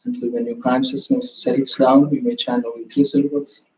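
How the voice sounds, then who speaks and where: A man teaching a live yoga class, guiding meditation with slow, calm, gentle instructions. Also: medium pitch, roomy sound, low-quality recording.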